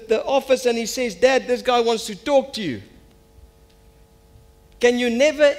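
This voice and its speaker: High-voiced pastor preaching. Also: male voice. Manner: storytelling that builds to loud emphatic preaching. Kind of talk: sermon.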